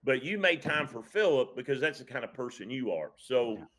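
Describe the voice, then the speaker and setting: Man, high school coach, casual podcast chat, earnest, reflective, halting restarts, mid-pitched voice. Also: very animated, a bit bright. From Kentucky.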